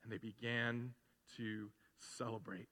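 Animated man preaching in a reverberant hall. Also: mid-range voice, a little slow. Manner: animated, acts out characters, conversational asides. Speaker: pastor. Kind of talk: sermon.

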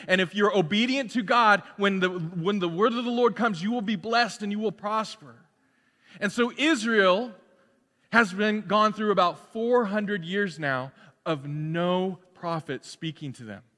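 A man preaching a sermon, animated and playful, acting out the crowd and the prophet in quick asides. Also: sits high, long reverb tail. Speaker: pastor.

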